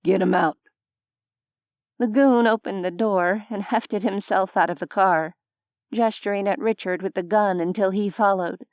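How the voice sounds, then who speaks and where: A woman's voice: mid-range voice, steady tone, moderate pace, darkish tone, no echo. Woman narrating an audiobook, dry sound. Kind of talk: scripted first-person narration.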